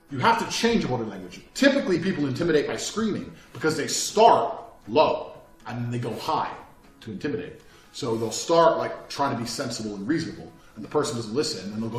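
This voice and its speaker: A man's voice: medium pitch, sing-song, quick pace. Blunt, profane man in an echoey room. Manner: blunt, swears constantly, acts out quoted exchanges. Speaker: motivational speaker. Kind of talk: profane motivational monologue. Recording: echoey room with faint music.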